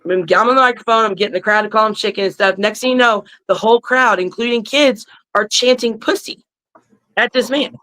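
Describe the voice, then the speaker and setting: Animated, foul-mouthed woman telling stories. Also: a little high, a little fast, low-quality recording. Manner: animated storyteller who curses freely. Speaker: guest, professional wrestler. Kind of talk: casual podcast chat.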